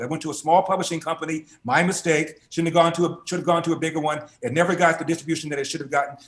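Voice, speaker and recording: A man being interviewed as a guest author, telling a family story in an animated, emphatic way that builds through repetition. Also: on the high side, echoey room.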